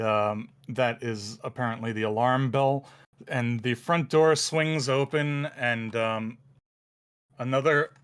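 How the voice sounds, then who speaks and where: Man, game master, relaxed, lots of ums, mid-pitched voice. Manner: relaxed, filler-heavy narration. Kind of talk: narrating a tabletop game.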